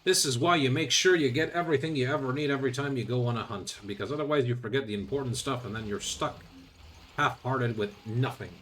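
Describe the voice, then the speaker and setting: A man's voice: mid-range voice, quick pace, a bit bright, a little hiss or hum. A man streaming a video game, commenting casually with sarcastic grumbles and mild swearing.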